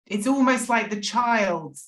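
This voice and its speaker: A woman's voice: a little high, animated, takes it slowly, a bit bright. Earnest middle-aged woman, echoey room. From England. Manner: earnest, emotional, frequent restarts. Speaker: podcast guest. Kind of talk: candid personal recovery story.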